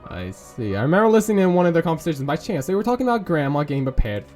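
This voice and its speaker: A man's voice: fairly high pitch, big pitch swings, racing, darkish tone. A man doing let's play commentary, reading game text aloud and cracking profane, rambling jokes. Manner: profane, rambling, jokey asides. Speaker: gaming YouTuber. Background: faint game music.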